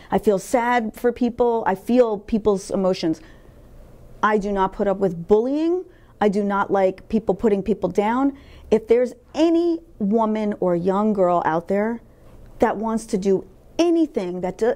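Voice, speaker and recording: A woman's voice: a little high, animated, normal speed, mellow. A middle-aged woman talking candidly in an interview, emphatic and blunt, swearing freely as she tells her life story. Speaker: interview guest.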